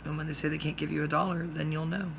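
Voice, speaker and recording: Rambling comic monologue, scattered, excitable, gravelly, faint background hiss. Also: mid-range voice, fast. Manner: scattered, jumps between topics, drops to whispers.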